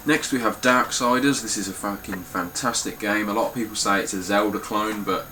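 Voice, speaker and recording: A man's voice: on the low side, fairly even intonation, fairly quick, sharp tone, a little hiss or hum, poor audio. A young man talking casually through his game collection, blunt and swearing freely. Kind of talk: casual spoken collection walkthrough.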